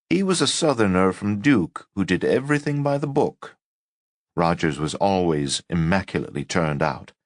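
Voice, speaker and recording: A man reading a first-person memoir as an audiobook in a measured, wry way. His voice is low and moves widely in pitch. The recording is dry and close. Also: dry recording. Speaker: audiobook narrator.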